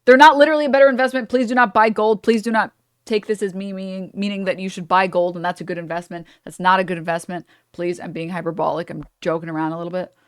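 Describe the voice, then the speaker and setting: A woman's voice: fairly low pitch, flat delivery, fast talker, clear, resonant tone, no room sound, studio quality. A woman streamer reacting to clips in casual commentary, profane and rambling, cutting herself off mid-thought. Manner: profane, rambling, self-interrupting.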